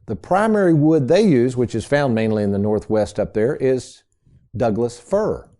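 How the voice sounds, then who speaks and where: Folksy mellow-voiced man radio host. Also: medium pitch, expressive, moderate pace. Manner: folksy, addresses listeners as folks. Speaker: radio show host and financial advisor. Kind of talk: casual storytelling radio talk.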